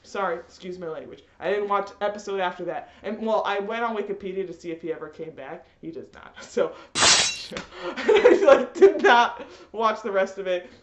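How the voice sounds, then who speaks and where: A woman ranting in a rambling, animated way, full of fillers, in a roomy, slightly dull recording. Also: mid-range voice, moderate pace, few pauses, background noise. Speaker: vlogger. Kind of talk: ranting commentary.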